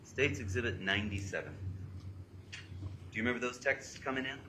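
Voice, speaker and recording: A man working as a trial attorney, reading exhibits aloud in a measured way and then pressing a witness with short questions in a courtroom. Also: medium pitch, pushed and bright. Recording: noisy courtroom audio.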